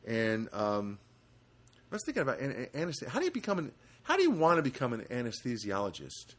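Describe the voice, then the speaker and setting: A man's voice: mid-range voice, wildly swooping pitch, a little fast. A middle-aged man telling a rambling personal anecdote in a casual monologue, wry and joking, with frequent restarts. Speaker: storyteller.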